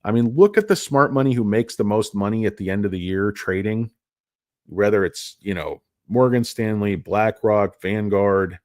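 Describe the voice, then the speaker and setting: A man's voice: fairly low pitch, moderate pace, a little mellow, dry recording, clean studio sound. A man giving casual, rambling stock commentary, jokey and self-deprecating. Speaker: stock market vlogger.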